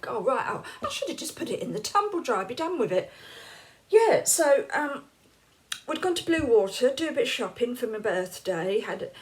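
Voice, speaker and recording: An English woman in her late fifties chats to her viewers, telling stories and laughing along the way. Her voice sits a little high, and she acts out the lines other people said. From England. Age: late 50s. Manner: chatty, laughs often, acts out quoted lines. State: unwell, feeling hot and cold. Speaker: vlogger. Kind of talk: casual storytelling to camera.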